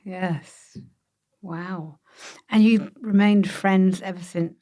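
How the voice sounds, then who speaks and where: A woman interviewer who asks her questions slowly and unhurriedly. She speaks at a middle pitch and keeps her reactions short. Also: fairly even intonation, dark tone. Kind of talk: casual interview.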